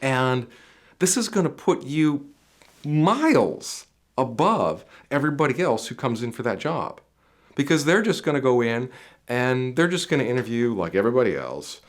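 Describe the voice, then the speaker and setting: A man's voice: medium pitch, big pitch swings, moderate pace. A man coaching viewers on job interviews in an emphatic, repetitive advice monologue that speaks straight to the listener.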